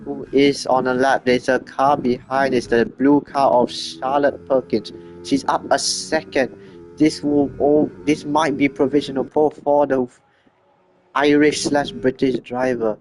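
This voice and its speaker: Male race caller, average-pitched voice, rapid self-correcting commentary over faint background music. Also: little pitch movement, darkish tone. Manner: quick, chatty, corrects himself often. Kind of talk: live sim racing commentary.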